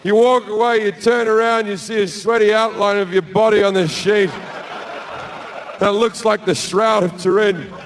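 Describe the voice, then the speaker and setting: A man's voice: high-pitched, steady tone, normal speed, some chatter behind, slight background noise. An Australian man doing a stand-up set on a theatre stage, telling a crude story in a laid-back way and acting out the quotes. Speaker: stand-up comedian. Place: large theatre stage with live audience.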